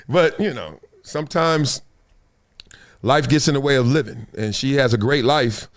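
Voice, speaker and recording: Middle-aged male host, high and lively voice, storytelling commentary that jumps from loud bursts to low asides. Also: normal speed. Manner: storytelling, swings between big high bursts and low asides, laughs often. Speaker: show host. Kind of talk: animated solo commentary.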